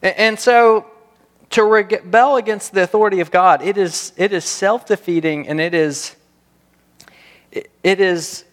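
A man preaching a sermon, animated and building to emphatic peaks, often restarting his words as he goes. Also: high-pitched, measured pace. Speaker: pastor. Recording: reverberant hall.

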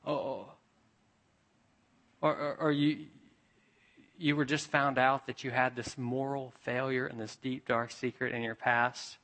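A man's voice: mid-range voice, little pitch movement, measured pace, pauses often, fairly bright tone. A man preaching a sermon, telling a story and asking his listeners rhetorical questions. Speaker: pastor.

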